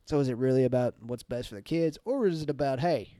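A man with a Southern country accent, co-hosting a casual podcast chat, talking in an animated, profane and sarcastic way. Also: mid-range voice, fast talker, no echo. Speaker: podcast co-host.

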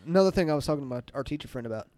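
Animated, profane Southern country man. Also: a little high, rapid-fire, no echo, studio quality. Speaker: podcast co-host. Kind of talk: casual chat.

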